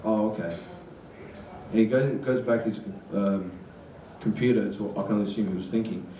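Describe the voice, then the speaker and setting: A man's voice: lowish voice, fairly even intonation, fast talker, warm tone, slight background noise. A young man with an Australian accent doing a stand-up set, casual and sweary, full of slang and fillers. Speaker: stand-up comedian. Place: live comedy venue with audience. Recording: echoey room, from a distance.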